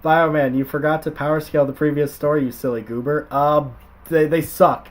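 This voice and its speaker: A man's voice: on the high side, fairly even intonation, brisk. A man hosting a casual chat, reading stories aloud with frequent laughs and swearing. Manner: laughs often, swears, jokey. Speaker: host.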